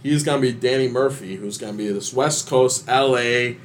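Chill young dude on a podcast, halting, mid voice, little hiss. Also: male voice, mid-range voice. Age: young adult. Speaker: podcast co-host. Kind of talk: casual chat.

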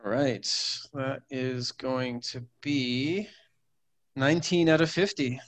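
A man's voice: medium pitch, takes it slowly. A man as a player in a tabletop game, stating his moves plainly. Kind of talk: casual tabletop play.

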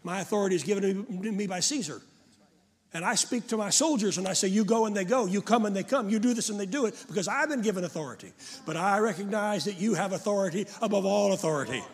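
An older man preaching a fervent sermon to a congregation, often rising to shouts. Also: sits high, fast. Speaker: pastor.

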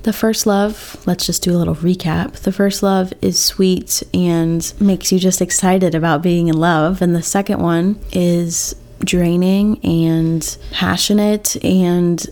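A woman's voice: fairly low pitch, fairly even intonation, takes it slowly, few pauses, mellow. A young woman hosting a solo podcast, talking candidly and casually, often restarting her sentences and swearing. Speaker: podcast host.

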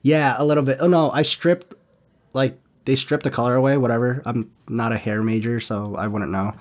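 A woman's voice: rumbling low, steady tone, moderate pace, darkish tone. A woman speaking as a podcast guest in casual chat, laid-back and swearing now and then.

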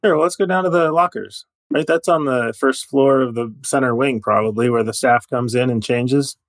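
A man's voice: medium pitch, moderate pace, dry recording. A man playing a tabletop horror game in a wry, offhand, joking way. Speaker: player. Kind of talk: casual tabletop play.

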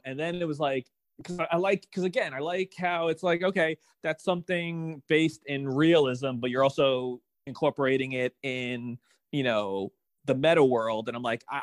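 A man's voice: mid-range voice, dry recording. A man in a mid-range voice shares frank opinions about a TV episode on a casual podcast. He laughs readily, swears now and then, and sighs when it let him down. The sound is dry and close. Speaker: podcast co-host. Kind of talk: casual TV recap chat.

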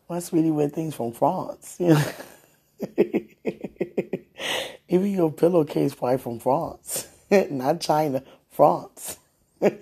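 A woman's voice: low voice, slow pace, gravelly, pauses often, warm tone, slightly rough. A woman leaving a tender, teasing phone message for her partner, with the phone held close to her mouth. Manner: tender, sweet-talking, teasing.

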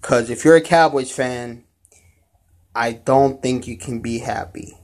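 A man's voice: medium pitch, unhurried, darkish tone. Blunt man mocking a rival team. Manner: blunt, mocking sports opinions. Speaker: podcast co-host. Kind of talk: casual sports podcast chat.

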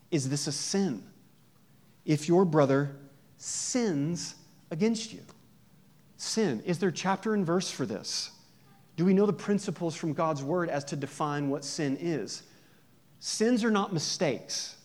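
A male pastor delivering a sermon in a conversational, joking tone. His voice sits a little high for a man. He keeps asking his listeners questions. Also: darkish tone.

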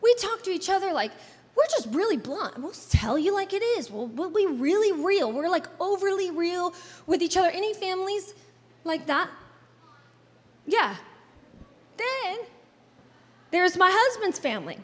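A woman in her thirties, a pastor preaching a sermon in a church, talking to the congregation in an animated, conversational way with playful asides. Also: very high-pitched, measured pace, pauses often. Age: 30s. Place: church sanctuary. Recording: long hall reverb in a church.

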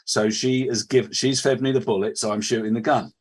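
Man, radio co-host, casual chat, sarcastic, dry wit, husky voice. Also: medium pitch, fairly even intonation. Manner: dry, sarcastic humour, measured delivery.

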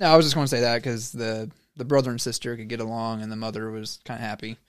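A man's voice: mid-range voice, little pitch movement, fast, clear, resonant tone, no echo, studio quality. A man co-hosting a casual chat, rambling and restarting his sentences often.

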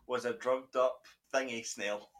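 A man's voice: medium pitch, fairly even intonation, unhurried, a crowd in the background. A man co-hosting a casual gaming podcast, talking in a dry, teasing way. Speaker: podcast co-host.

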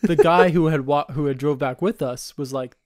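A man's voice: a little high, fairly quick, a little mellow, no echo, studio quality. A man in his twenties, co-hosting a podcast and telling a rambling, profane party story in casual chat. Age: 20s. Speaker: podcast co-host.

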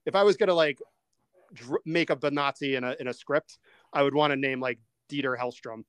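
Guy hosting a movie review show, smooth clear voice, dry close mic, keeps things moving. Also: mid-range voice, dry recording. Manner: animated, quick asides, steers the discussion. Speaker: podcast host. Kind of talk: casual movie-review chat.

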